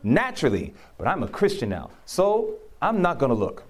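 This fairly high-pitched man keeps a moderate pace as he tells stories from his life in a preaching, conversational testimony. Lively and theatrical, he voices the people in his stories and laughs often.

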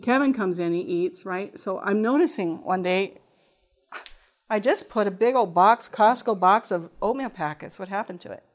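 Woman telling a lively faith testimony. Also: mid-range voice, moderate pace. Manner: lively storyteller who acts out voices and laughs. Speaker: former GED lab teacher giving testimony. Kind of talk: spoken testimony to an audience.

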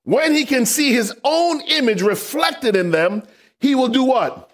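Male preacher, high tenor, very lively delivery, call-and-response sermon, bursts into shouts. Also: unhurried. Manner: rises to shouts for emphasis.

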